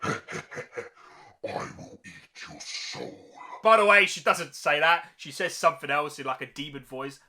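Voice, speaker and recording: Male reviewer, animated and mocking, with slang and big exaggerations. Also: sits high. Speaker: movie reviewer. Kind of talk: ranting review vlog.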